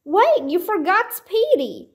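An eager young girl with a high, bright voice, keen for adventure, as a woman reads her lines. She speaks slowly and excitedly, pleading to join in. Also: heavily acted.

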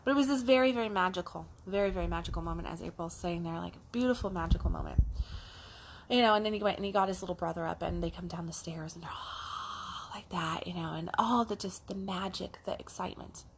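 Middle-aged woman, kinda low voice, chatty animated story, bit of hiss behind. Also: quick pace, creaky. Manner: animated, acts out a child's voice and her own in quotes. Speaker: life coach. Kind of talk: casual storytelling vlog.

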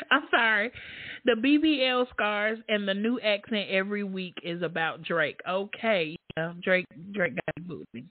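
A woman hosting a casual livestream, reading chat comments aloud and reacting in an animated way, her voice jumping high for emphasis. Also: unhurried, pauses often, no echo. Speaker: livestream host. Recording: dry, tinny phone-like sound.

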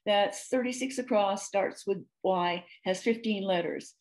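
A woman's voice: medium pitch, unhurried, darkish tone, slight background noise, natural voice. A woman doing a snarling old crossword puzzle man. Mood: sulky. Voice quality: snarling, disagreeable.

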